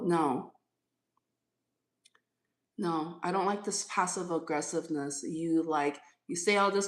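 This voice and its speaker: A woman with a lowish voice scolds a commenter during a live tarot reading. She is firm and lecturing and keeps repeating herself. The room echoes around her. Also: measured pace. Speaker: tarot reader on a live stream.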